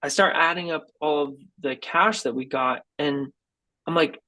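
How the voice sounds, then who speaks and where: Male podcast guest, slightly high voice, earnest and casual storyteller, heavy on "dude.". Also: normal speed, low-quality recording. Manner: animated and earnest, says "dude" and "like" often; acts out quoted people in his story. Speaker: guest musician.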